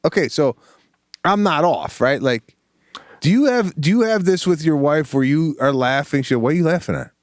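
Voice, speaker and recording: A man co-hosting a podcast, casually telling an animated story and acting out the voices of the people in it. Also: on the high side, moderate pace, no room sound, clean studio sound. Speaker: podcast co-host.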